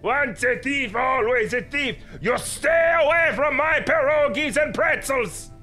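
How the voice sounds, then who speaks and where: A man doing a furious food stand owner, shouting in a strained, put-on accent. The voice sits high and swings up and down wildly. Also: animated, measured pace, soft background music, exaggerated voice. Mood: indignant shouting. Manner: shouting, indignant.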